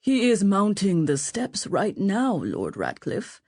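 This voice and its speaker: Audiobook reader as a courteous older male cleric, formal and measured. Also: medium pitch, huge pitch swings, a little mellow, husky, no room sound, studio quality, heavily acted. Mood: gracious. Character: older male church deaconius, gracious and formal.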